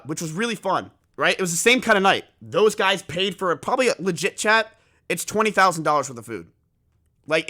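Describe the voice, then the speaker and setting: Young male streamer, high-pitched, swearing, animated storyteller. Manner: animated, swearing, self-mocking. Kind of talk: casual storytelling to stream chat.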